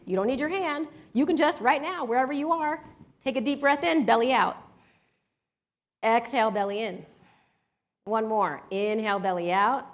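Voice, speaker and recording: A woman from Washington, D.C. leading a live workshop, telling a personal story and guiding the audience through breathing exercises in a lively, chatty way. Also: mid-range voice. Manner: guides breathing exercises step by step. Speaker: workshop leader.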